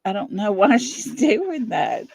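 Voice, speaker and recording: Slow-talking middle-aged woman chatting live from home. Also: medium pitch, very animated, vocal fry, darkish tone, breathy edge, dry recording. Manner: chatty, laughs often, fusses over her dog. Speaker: livestream host. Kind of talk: casual livestream chat. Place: at home, indoors.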